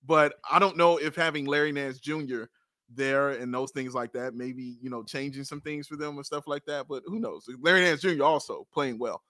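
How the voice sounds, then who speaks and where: A man co-hosting a casual sports podcast, excitable, laughing often and repeating himself as he talks. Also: medium pitch, normal speed, no echo, clean studio sound. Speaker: podcast co-host.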